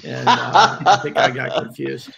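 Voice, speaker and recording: Bright, gravelly, teasing man. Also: mid-range voice, animated, unhurried, lo-fi sound, a little hiss or hum. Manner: teasing, playful. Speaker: panel regular on a weekly web show. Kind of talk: casual chat. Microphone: video call mic.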